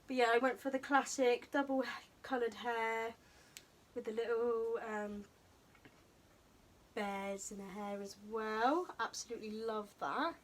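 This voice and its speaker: A woman's voice: on the high side, steady tone, measured pace, a little hiss or hum. Breathless bubbly young woman vlogging. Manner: chatty and bubbly, with frequent ums. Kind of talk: casual show-and-tell vlog. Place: indoor room, tripod camera. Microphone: camera mic on tripod, moved around.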